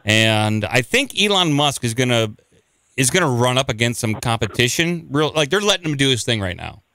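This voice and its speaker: A man's voice: medium pitch, sing-song, moderate pace, sharp tone, clean tone, dry recording, studio quality. A man hosting a late-night call-in talk show, chatting casually with callers in a rambling way, with restarts. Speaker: radio call-in show host.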